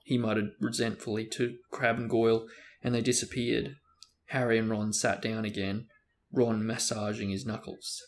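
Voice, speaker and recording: A man hosting a show, reading a novel aloud in steady narration with occasional stumbles. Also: fairly low pitch, normal speed. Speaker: host reading a book aloud. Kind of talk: book reading with character voices.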